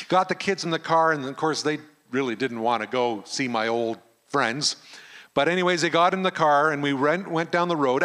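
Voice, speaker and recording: Middle-aged man, pastor, lively storyteller, fairly high voice. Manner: animated storyteller who acts out the dialogue. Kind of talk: storytelling sermon. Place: camp meeting hall.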